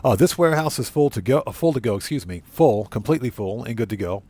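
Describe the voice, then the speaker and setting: Male game streamer, relaxed rambling live commentary, mid-pitched. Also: fast talker. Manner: rambling, easygoing, many fillers and self-corrections. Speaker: GTA streamer and content creator. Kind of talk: live gameplay commentary, reading chat.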